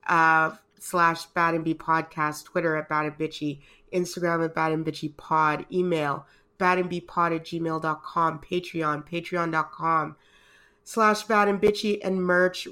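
A woman's voice: lowish voice, sharp tone. A woman co-hosting a podcast in casual chat, heartfelt and rambling, emotional and close to tears. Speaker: podcast co-host.

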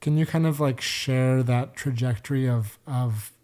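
Man, podcast host, slow, mellow, rambling questions, lots of fillers. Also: medium pitch. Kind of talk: interview questions.

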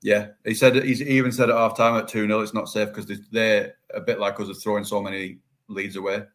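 Fast-talking low flat-voiced man. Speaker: podcast co-host. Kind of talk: casual football chat.

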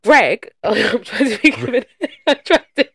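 A woman co-hosting a podcast in casual chat, an animated storyteller who swears freely. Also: on the high side, unhurried, creaky, husky, no echo, studio quality. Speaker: podcast co-host.

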